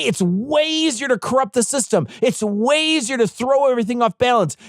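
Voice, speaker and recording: A man's voice: extremely high pitch, no echo, clean studio sound. A man co-hosting a political podcast, ranting with heavy swearing and jokes in casual chat. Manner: profane, ranting, jokey. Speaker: podcast co-host.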